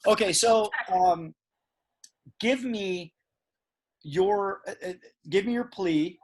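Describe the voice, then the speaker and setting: A man hosts a relaxed podcast conversation in a husky voice that sits high and takes its time. He wanders from point to point, speaks emphatically, and often starts over.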